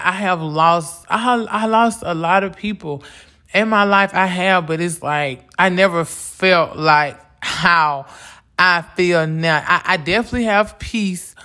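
Bright-voiced woman sharing her grief. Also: lowish voice. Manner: casual, repeats "like" often, earnest. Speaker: podcast host. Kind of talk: heartfelt personal talk on grief and faith.

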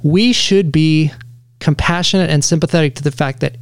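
A man co-hosting a podcast, talking casually and pausing to pick his words with care. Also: fairly high pitch, clear, resonant tone, no room sound. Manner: careful, searching for the right words. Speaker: podcast co-host.

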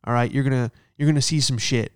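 A man's voice: medium pitch, fairly even intonation, fast, clean tone, no echo, clean studio sound. Brash, profane man ranting comically. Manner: brash, profane, keeps asking "all right?". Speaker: comedian. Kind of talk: stand-up style rant. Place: hotel room.

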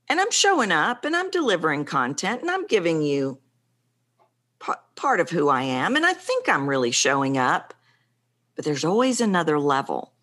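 A woman with a low voice and a lively, swooping pitch explains her coaching ideas in conversation. She speaks with energy and acts out quoted lines to show what she means. Her delivery sounds animated and expressive. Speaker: vocal coach guest. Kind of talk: conversational interview.

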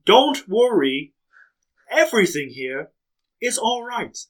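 A man's voice: high-pitched, very animated, slow pace, voice pushed up, exaggerated voice. A man voicing a pompous male noble hosting a gala, speaking grandly and reassuringly.

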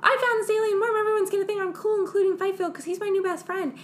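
A woman's voice: extremely high pitch, steady tone, fast talker, slight background noise, voice pushed up. A woman voicing a nerdy young male scientist who is eager to impress, talking in an eager, boastful way.

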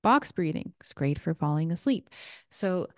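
A woman's voice: low-pitched, lively intonation, moderate pace, darkish tone, no room sound, clean studio sound. A young adult woman hosting a casual solo podcast, chatty and rambling, with frequent asides and "right?" checks. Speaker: podcast host.

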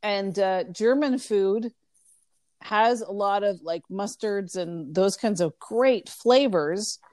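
A woman chatting casually about food, talking in quick asides and laughing often. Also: medium pitch, a little mellow, no echo. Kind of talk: casual chat.

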